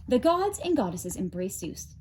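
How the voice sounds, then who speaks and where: A woman librarian reading a picture book aloud with expressive, dramatic narration. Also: fairly high pitch, normal speed, slight background noise. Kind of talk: storybook read-aloud.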